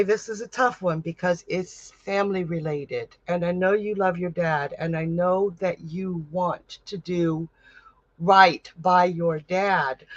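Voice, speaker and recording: A middle-aged woman hosts a live-stream psychic reading, chatty and heartfelt, laughing often. She speaks slowly and takes her time. The stream audio is dry and dull, like a lo-fi recording. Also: fairly low pitch, dry recording. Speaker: psychic medium host.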